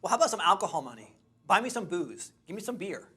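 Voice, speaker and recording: A woman's voice: on the low side, big pitch swings, fast, sharp tone, husky, voice pushed up, heavily acted. A man quoting a young woman of about twenty who pesters him for cigarette and beer money. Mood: wheedling. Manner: pushy, wheedling.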